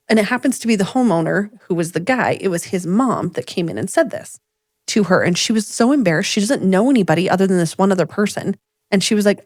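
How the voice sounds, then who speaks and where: A woman co-hosting a podcast, telling a story in a casual chat, with big jumps in pitch when she quotes people. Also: fairly quick, dry recording, clean studio sound. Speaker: podcast co-host. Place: home room with dogs nearby.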